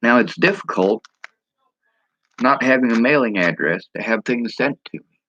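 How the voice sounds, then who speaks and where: A man's voice: medium pitch, animated, moderate pace, pushed and bright, highs cut off. A man talking frankly and bluntly to camera in a casual vlog, swearing freely. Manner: mimics speech impediments. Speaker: vlogger.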